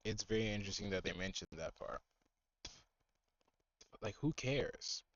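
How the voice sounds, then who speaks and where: A man's voice: on the low side, measured pace, dull audio. A man streaming as he reacts to videos, giving blunt, scornful, profane commentary. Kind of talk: mocking commentary.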